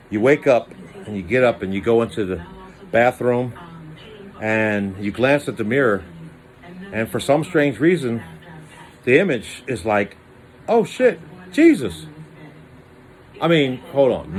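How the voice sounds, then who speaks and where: A man's voice: measured pace, long pauses. Brief: male storyteller, loose slangy comic monologue, voice leaps up for quoted bits. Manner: animated, slangy, acts out voices with pitch jumps.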